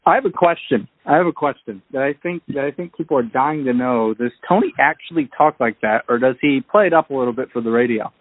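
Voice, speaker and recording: Relaxed man chatting over a phone line. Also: mid-range voice, fast, few pauses, dry recording. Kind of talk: casual radio chat.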